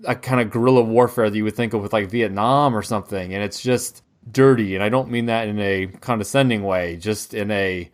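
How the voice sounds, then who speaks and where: An American man co-hosting a podcast rambles loosely about a film in casual discussion, full of fillers and restarts. His voice is on the low side and steady, a little fast, with hardly any pauses.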